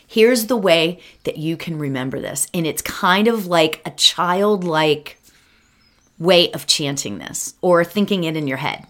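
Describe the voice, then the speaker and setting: A woman's voice: fairly low pitch, animated, measured pace. Sing-songy woman leading a meditation. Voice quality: musical, sing-song delivery. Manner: upbeat, chatty, says "right?" often. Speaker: meditation teacher. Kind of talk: guided meditation with chanting.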